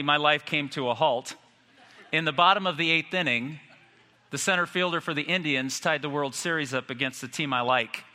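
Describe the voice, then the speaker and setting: A pastor in his fifties preaches with animated, self-deprecating storytelling. His voice is bright and slightly high for a man. The sound carries the long reverb of a church hall. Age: 50s. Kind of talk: sermon.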